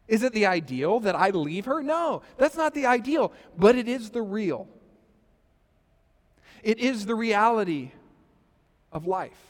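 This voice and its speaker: A man in his thirties preaching a sermon, telling a personal story with quoted asides and loudness that rises and falls. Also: high voice, big pitch swings, unhurried, long pauses. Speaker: pastor. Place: church sanctuary. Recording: reverberant church hall.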